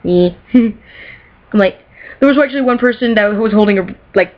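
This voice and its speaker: A woman's voice: medium pitch, normal speed. Giggly rambling woman vlogger. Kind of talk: casual chat showing off purchases. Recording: slightly dull lo-fi sound.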